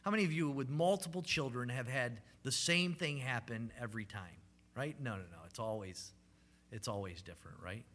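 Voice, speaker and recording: A pastor in his thirties delivers a sermon in a mid-range, fairly bright voice, talking fairly quickly. His storytelling is conversational, peppered with "right?" tags and plenty of ums.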